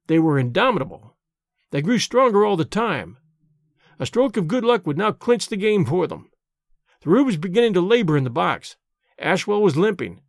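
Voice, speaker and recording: A man narrates a story in the first person, his voice sitting high and swinging widely in pitch. The reading is expressive and animated. The recording is dry and close. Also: dry recording. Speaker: audiobook narrator.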